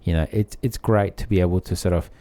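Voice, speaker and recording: Deep-voiced easygoing podcast co-host. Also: male voice, quick pace, dark tone, no room sound. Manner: agreeable, easygoing. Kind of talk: casual chat.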